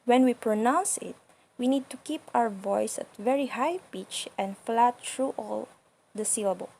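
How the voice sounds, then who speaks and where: A woman with as her explains sounds one by one in an unhurried instructional style. Her voice sits a little high and carries a soft, breathy quality. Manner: patient, demonstrates sounds slowly and repeats them. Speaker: language teacher. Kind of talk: slow instructional lesson.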